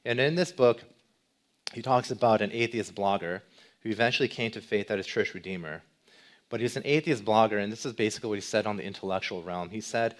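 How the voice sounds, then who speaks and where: A male pastor giving a sermon, asking rhetorical questions and moving between loud emphasis and quiet, low passages. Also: fast talker. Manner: animated, swings between loud emphasis and soft low delivery.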